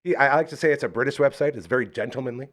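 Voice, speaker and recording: A man's voice: medium pitch, rapid-fire, a bit bright. A man hosting a live local podcast, chatting casually and rambling through enthusiastic sponsor plugs. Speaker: podcast host.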